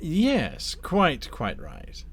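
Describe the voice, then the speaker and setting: A man voicing a smooth, polite devil who offers scheming deals in a tabletop game. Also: fairly high pitch, huge pitch swings, very slow, no echo, voice pushed up, exaggerated voice. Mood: persuasive. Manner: polite, silky, persuasive.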